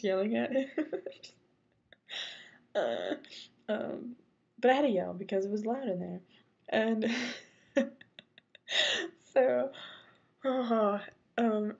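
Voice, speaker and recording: A young woman tells a story in a casual vlog, slipping into whispers and high squeaks as she acts out her own thoughts. Her voice is gravelly and mellow. The recording sounds dull and lo-fi. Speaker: vlogger.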